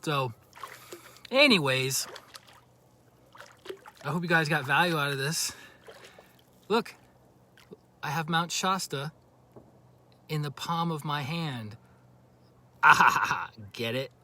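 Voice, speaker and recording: Outdoors by a lake, a road-trip vlogger holds his phone for a casual livestream, a little breathless as he jokes and chats and greets viewers by name. His voice is on the high side, animated, pushed and bright, yet slow with frequent pauses, and there's slight background noise.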